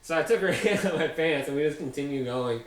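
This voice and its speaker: A man's voice: fairly high pitch, quick pace, roomy sound, distant mic, poor audio. A young man co-hosting a casual chat, laid-back, telling stories with dry jokes and frequent laughs.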